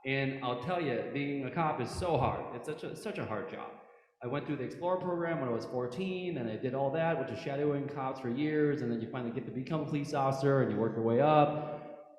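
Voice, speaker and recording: A man in his thirties, a prosecutor and former police officer, telling animated stories to a church audience and often asking "right?". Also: medium pitch, a little fast. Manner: animated storyteller, repeats himself, rhetorical "right?". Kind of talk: storytelling talk to a church audience. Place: church hall. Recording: echoey church hall with long reverb.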